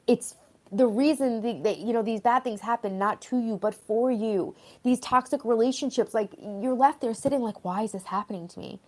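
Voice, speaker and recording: A woman with a fairly high, mellow voice speaks at normal speed and a steady tone while hosting a live stream in a tapping series. She chats casually and encourages her viewers, earnest and rambling, with plenty of filler words.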